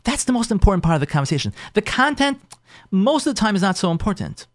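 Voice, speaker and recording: A man who hosts an advice show as a rabbi talks in a fairly high voice that swings widely in pitch. He makes each point emphatically, repeating himself and acting out what spouses say. The sound is dry, with no room echo. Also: big pitch swings, quick pace. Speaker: rabbi and show host giving marriage advice. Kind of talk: advice talk to listeners.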